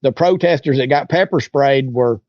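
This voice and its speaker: A man's voice: mid-range voice, moderate pace, no room sound, muffled recording. A man, an interview guest telling a long story in a rambling, folksy way. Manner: rambling, folksy, lots of "you know" and "like". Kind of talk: casual storytelling.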